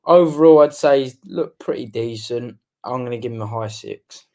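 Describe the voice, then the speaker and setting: A man co-hosting a casual football fan chat, measured and plain-spoken, giving his verdicts in short sentences. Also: medium pitch, dark tone. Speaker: fan channel co-host.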